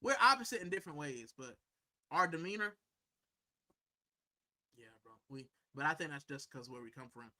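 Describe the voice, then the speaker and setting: A livestream host rambles casually from an indoor corner at home, reading viewer comments and tossing in "bro" over and over. His slightly high voice is sing-song, bright, and forceful, moving at a moderate pace with frequent pauses.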